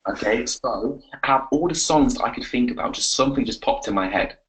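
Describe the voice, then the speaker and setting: A man coaching on a live webinar, energetic and repetitive, giving pep talks. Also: medium pitch, a little fast, rough recording. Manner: energetic, pep-talking, repeats himself. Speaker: confidence coach.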